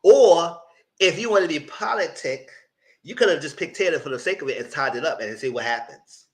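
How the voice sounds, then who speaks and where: In an expressive, brisk voice, a man runs through a reality TV show in a live recap. He's blunt and slangy with plenty of sass, and he breaks into high, mocking impressions.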